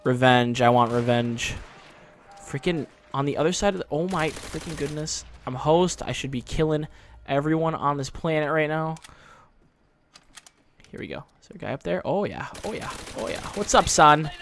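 A man giving live gameplay commentary, excitable and trash-talking, with sudden frustrated outbursts. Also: fairly high pitch, moderate pace, slight background noise. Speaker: gaming channel host.

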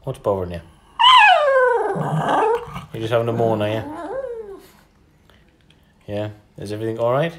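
A man's voice: fairly low pitch, expressive, moderate pace, pauses often, noisy background. A man talking to his pet dog at home in a coaxing, sing-song tone. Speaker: pet owner.

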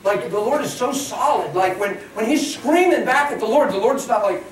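Man, pastor, plain-spoken sermon, hushed to loud, recorded far off, clear background noise. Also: high voice, lively intonation, normal speed. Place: large church hall. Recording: echoey hall from far off.

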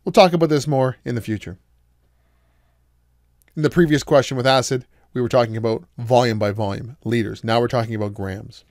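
A man's voice: medium pitch, brisk, a little mellow, no echo, studio quality. A man giving a recorded college math lecture, explaining each step patiently and asking the class questions as he goes.

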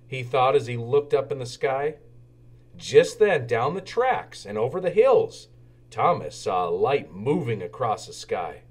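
A man reading a children's storybook aloud, with expressive, animated narration. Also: medium pitch, a little slow, slightly rough. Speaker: children's book reader.

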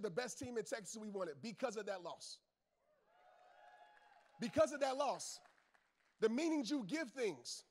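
A man giving a motivational talk to a crowd, emphatic and preachy, repeating his key lines in casual slang. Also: very high voice. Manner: casual Southern slang, talks straight to the crowd. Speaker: motivational speaker; football coach, father. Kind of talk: motivational speech to a live audience.

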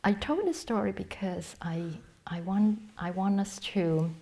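A middle-aged woman teaching a Buddhist dharma talk in a low voice. She speaks haltingly, restarting her sentences, and her voice often sinks to a soft, breathy near-whisper. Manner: halting, with many restarts and fillers.

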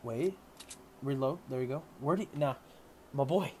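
A young man giving live gameplay commentary, boastful and hyped, yelling whenever he gets excited. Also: mid-range voice, moderate pace, a little hiss or hum. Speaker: gamer.

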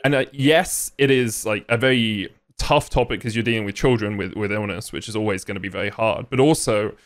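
A man's voice: lowish voice, fairly quick. A man with an English accent, a guest speaking in a casual podcast conversation who explains things thoughtfully at length. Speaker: esports caster, podcast guest.

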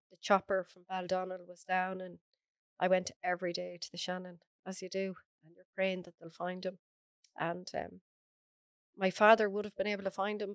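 A woman's voice: fairly low pitch, no room sound. An Irish woman, a podcast guest, earnestly recounting a personal story in close detail. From Ireland.

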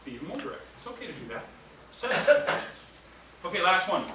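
A man's voice: sits high, quick pace, far from the mic, a little hiss or hum. A man running a sales training class, telling stories and quizzing his trainees. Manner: lively storytelling, quizzes the class. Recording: echoey room, recorded from afar.

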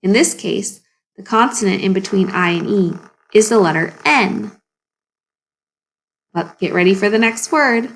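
Slow, gravelly-edged teacher sounding out words. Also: female voice, medium pitch. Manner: encouraging, questions to young pupils. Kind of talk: phonics lesson for children.

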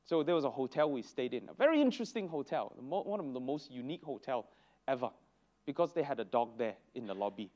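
A man teaching a church Sunday school lesson, telling stories with lively exclamations. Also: medium pitch, quick pace. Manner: animated storytelling with exclamations. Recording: dull lo-fi recording.

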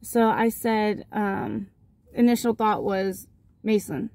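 A young mother talks from her car, recounting a family story in a loose, rambling way. She keeps circling back with fillers and restarts. Her voice sits at a middle pitch for a woman. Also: lively intonation, slow, creaky, mellow, no echo. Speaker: vlogger and mother. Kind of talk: casual storytelling vlog.

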